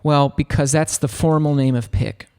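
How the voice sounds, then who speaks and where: A man giving a casual, rambling tutorial on a software synth, talking loosely with lots of filler words. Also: on the high side, fairly even intonation, normal speed, smooth. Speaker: music production tutor. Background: faint synth keyboard notes.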